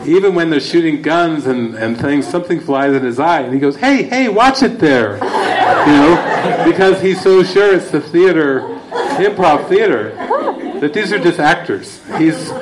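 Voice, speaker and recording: A man teaching at a spiritual retreat, telling stories with lively, laughing delivery. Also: on the high side, low-quality recording. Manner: animated storytelling, laughing often. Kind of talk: retreat talk. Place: retreat hall.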